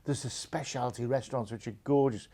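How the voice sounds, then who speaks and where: A man's voice: mid-range voice, fairly even intonation, a little fast, mellow. A man hosting a TV cruise deals show, talking in an enthusiastic, salesy, chatty way full of "you know" fillers.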